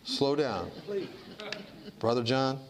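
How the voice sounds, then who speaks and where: A man preaching a sermon to a congregation, animated and rhetorical, calling for amens and asking questions of the crowd. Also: medium pitch, slow pace. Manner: animated, rhetorical call-and-response with the audience. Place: church hall before a congregation.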